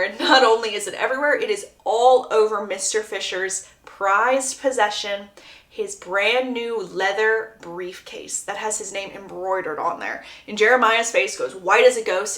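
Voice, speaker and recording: A woman casually recapping a book plot, chatty and expressive with amused asides. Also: medium pitch. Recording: roomy echo.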